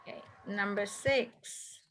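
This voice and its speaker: A woman's voice: medium pitch, takes it slowly, fairly bright tone, a little hiss or hum. A woman teaching a classroom English lesson, patiently checking answers one by one and repeating them. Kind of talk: classroom instruction.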